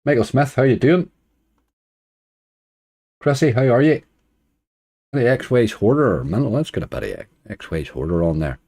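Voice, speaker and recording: A man's voice: medium pitch, expressive, a little slow, pauses often, a little mellow. A man hosting a casual live stream, chatting and greeting viewers one by one with easy chuckles. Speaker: slots streamer greeting chat.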